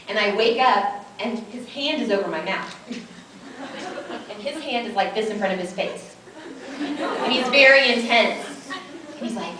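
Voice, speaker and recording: A woman with a high voice moderates a panel and tells a funny story about her home life, laughing often. She sounds distant from the microphone in a very echoey hall. An audience murmurs behind her. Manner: laughing, animated anecdote teller. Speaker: panel moderator and military spouse. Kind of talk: humorous personal storytelling.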